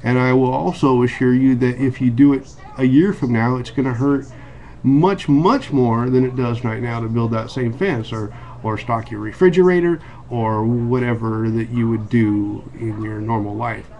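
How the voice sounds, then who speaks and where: A man's voice: medium pitch, normal speed, mellow, dull audio. Earnest man with restarts and ums. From United States. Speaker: video blogger. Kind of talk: casual monologue to camera.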